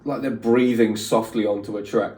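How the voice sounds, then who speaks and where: Low-voiced man rambling in an echoey room. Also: fairly even intonation, normal speed, a little mellow. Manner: rambling, opinionated, many fillers. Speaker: reaction channel host. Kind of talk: casual reaction commentary. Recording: roomy echo, mic at a distance, faint music.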